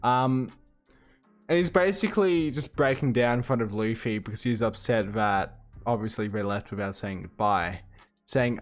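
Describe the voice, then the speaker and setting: A man's voice: mid-range voice, moderate pace, faint music behind. A man reviewing a manga chapter in a casual monologue, retelling scenes and quoting characters in passing with loose fillers.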